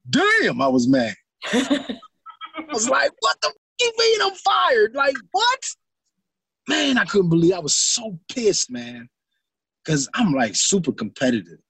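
Man, middle-aged, husky voice, very lively pitch, dry close sound, animated storyteller. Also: no room sound, low-quality recording. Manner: animated, acts out his own past reactions in quoted asides. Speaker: guest actor. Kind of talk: casual interview storytelling.

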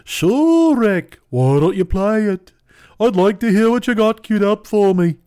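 A man putting on a goofy impression of an agreeable aging rock star, with a drawn-out, high, clumsy attempt at a Liverpool accent. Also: animated, darkish tone, clear, resonant tone, dry recording, clean studio sound. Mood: dopey agreeable. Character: dopey, slow-drawling aging male rock star, agreeable.

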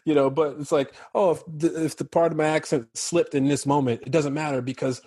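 A man from Chicago with an American accent, a guest actor chatting casually in an interview, relaxed and quick to laugh. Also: fairly high pitch, slightly rough, dry recording. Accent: General American. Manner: relaxed, laughs easily, many fillers.

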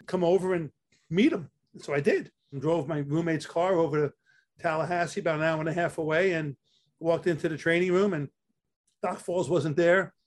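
Pitched on the high side and moving at a fairly quick clip, this older New Yorker from Staten Island recounts his career as an athletic trainer. It's a relaxed interview of storytelling, with frequent repeated words.

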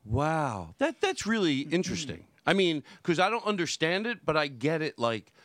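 A man's voice: fairly high pitch, wildly swooping pitch, normal speed, a bit bright, dry recording. A man hosting a podcast in casual chat, talking in a rambling, self-interrupting way. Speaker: podcast host. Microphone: headphones and studio mic.

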